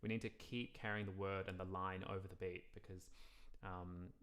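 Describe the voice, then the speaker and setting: During a live music theory lesson, a man counts beats and scat-sings rhythms to explain a song, singing example lines slowly. His voice is low with little pitch movement and a fairly bright tone.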